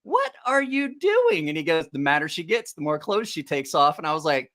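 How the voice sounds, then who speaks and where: A man's voice: fairly high pitch, fast, pushed and bright. A middle-aged man hosting a live stream, telling a rambling, profane story with lots of laughter. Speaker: livestream host.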